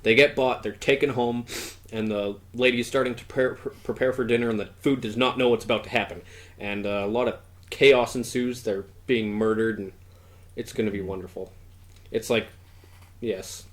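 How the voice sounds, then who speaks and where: A man's voice: medium pitch, fairly even intonation, normal speed. A man in his twenties co-hosting a podcast, talking casually in a rambling way with lots of "uh" fillers. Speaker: podcast co-host. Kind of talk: casual chat.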